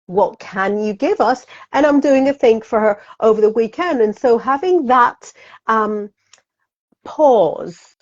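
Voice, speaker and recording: A woman speaks as a guest in a conversational interview, her voice sitting fairly high. She talks animatedly, laughs often and acts out the inner voices she quotes. The recording sounds dull and lo-fi. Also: lively intonation, takes it slowly. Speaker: psychic guest.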